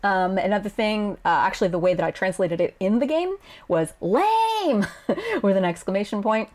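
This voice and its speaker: A woman translator explaining her work in a casual video lesson, chatty and quick to laugh, acting out quoted lines as she goes. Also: mid-range voice, darkish tone. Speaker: Japanese game translator.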